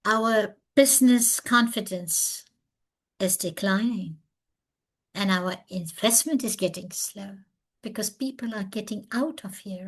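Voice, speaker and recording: Her voice is medium-pitched with a breathy edge. Presenting a webinar lecture over a video call, she speaks earnestly and with emphasis, recounting her story with lots of animation. She comes from overseas and lives in South Africa.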